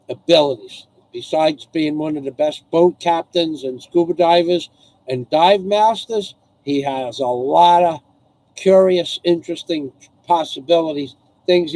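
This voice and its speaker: A man with a rather high voice talks slowly and loosely to his live-stream viewers from home, pausing to thank donors and read their names aloud. He sounds hoarse, as if his voice is wearing out, and he rambles from one thing to the next. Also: a little mellow, no echo, low-quality recording. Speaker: livestream host. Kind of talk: casual live-stream chat.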